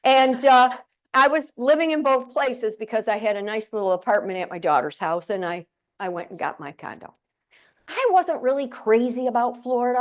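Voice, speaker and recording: Chatty older woman giving a humorous keynote. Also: on the high side. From central New York. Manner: chatty storytelling with playful asides. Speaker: keynote speaker. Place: conference room with audience.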